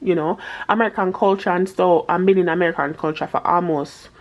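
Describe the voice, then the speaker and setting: A woman's voice: on the low side, brisk, highs cut off. A woman with a Jamaican accent chatting casually to camera as a budgeting vlogger, slipping patois into her talk.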